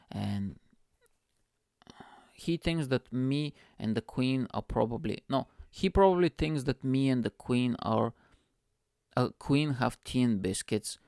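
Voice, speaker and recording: A man reads his old comedy set aloud in a self-mocking, profane way, his voice gravelly with fry yet smooth and resonant. The recording is dry and close, with no room sound around him. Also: animated, a little slow, no echo. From Bulgaria. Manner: self-mocking, swearing, slips into high-pitched voices for quoted people. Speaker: podcast host. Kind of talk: reading a stand-up set aloud.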